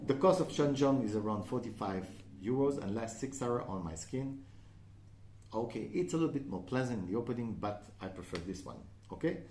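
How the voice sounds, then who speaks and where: A man's voice: mid-range voice, expressive, brisk, a little mellow. French-accented man reviewing perfume, roomy sound. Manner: chatty, frequent "okay?" and "uh" fillers. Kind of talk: casual spoken review.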